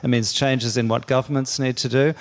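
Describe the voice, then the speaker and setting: An older man with a mid-pitched voice speaks earnestly to a conference audience and keeps restarting his words. A long echo trails after him in the big hall. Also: steady tone, a little fast. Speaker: keynote speaker. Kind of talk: conference speech.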